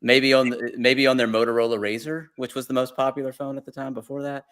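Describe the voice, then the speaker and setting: A man co-hosting a casual sports podcast, building a joke through a deadpan list of facts. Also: mid-range voice, fairly quick. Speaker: podcast co-host.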